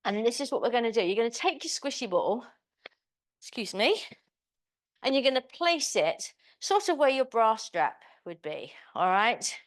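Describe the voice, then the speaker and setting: A woman's voice: a little high, sing-song, normal speed. A woman teaching a live online pilates class, cueing moves with chirpy encouragement and chatty asides. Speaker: pilates instructor.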